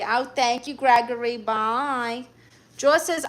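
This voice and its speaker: A woman hosts a casual livestream, playfully reading out viewer comments with sudden gasps and squeals. Her voice is on the high side and fairly bright, and she speaks at a slow pace.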